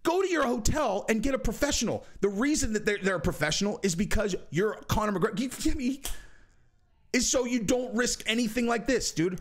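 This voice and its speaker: A man hosting a commentary video, ranting bluntly and firing off exasperated rhetorical questions, sometimes breaking into shouts. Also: high voice. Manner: jumps to shouting in outbursts. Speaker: commentary channel host. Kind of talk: animated commentary rant.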